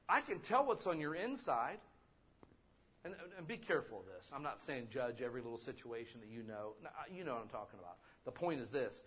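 A man delivers a sermon in a loose, conversational style. He keeps asking the room rhetorical questions. His voice is slightly husky and sits a bit higher than most men's. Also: fairly bright tone. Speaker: pastor.

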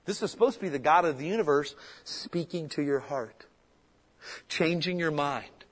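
Husky-voiced man preaching with fervor. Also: fairly high pitch, normal speed. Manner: impassioned, conversational preaching with rhetorical questions. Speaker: pastor. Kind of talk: sermon.

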